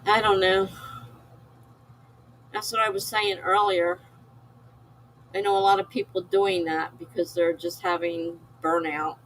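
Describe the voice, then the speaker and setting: On poor audio with a little hiss or hum, a woman speaks at medium pitch with little pitch movement and a somewhat bright tone. The tired American streamer chats casually and slowly with her viewers, reading chat and laughing a lot.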